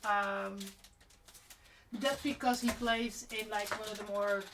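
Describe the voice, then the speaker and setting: A woman's voice: mid-range voice, steady tone, slow pace, background noise. A woman with a mixed British, American and Mancunian accent, chatting casually and rambling while she works on cosplay during a live stream. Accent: mixed British and American with Mancunian traces. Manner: rambling, chatty, trailing off mid-sentence.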